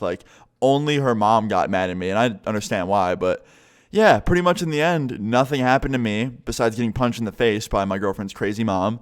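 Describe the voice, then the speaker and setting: A man's voice: medium pitch, a little fast. A young man casually telling a story to his vlog audience, swearing freely and acting out what others said. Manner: casual, profane, animated retelling. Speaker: vlogger.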